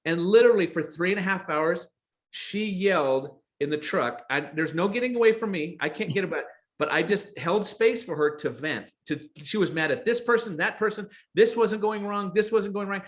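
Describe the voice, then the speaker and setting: Guy cohosting a podcast, pretty high voice for a man, tells stories and repeats himself a lot. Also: expressive, moderate pace. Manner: storytelling, repeats his words. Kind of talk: casual podcast chat.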